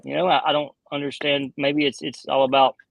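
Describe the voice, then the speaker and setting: Rambling bass angler, fairly high voice. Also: male voice, flat delivery, a little fast, vocal fry, no echo, poor audio. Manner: rambling, heavy on "you know" fillers. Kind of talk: casual stream chat.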